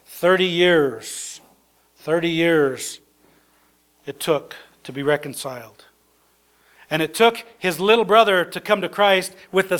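A man preaching a sermon, conversational, swinging between soft low asides and excited high bursts. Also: takes it slowly, pauses often.

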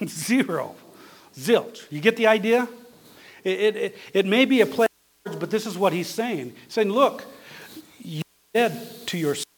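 High-voiced pastor preaching conversationally. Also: male voice, lively intonation, moderate pace, long pauses. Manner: conversational preaching with rhetorical questions. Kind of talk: sermon.

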